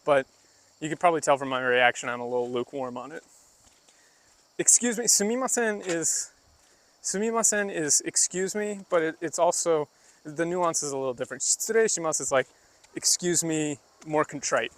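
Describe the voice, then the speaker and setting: A man talking casually to a livestream audience as he walks a rural path near the woods. His voice sits a little high and his delivery is loose and conversational. Crickets and insects chirp around him. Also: quick pace, fairly bright tone. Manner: chatty, loose and conversational, demonstrating Japanese phrases. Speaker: vlogger livestreaming while walking. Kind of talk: casual livestream chat while walking, answering chat.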